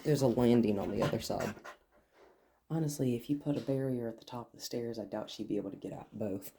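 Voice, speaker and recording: A woman dog trainer explaining what she does as she handles a nervous dog, now and then dropping into soft, soothing talk. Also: extremely low pitch, fairly quick, vocal fry, slightly rough.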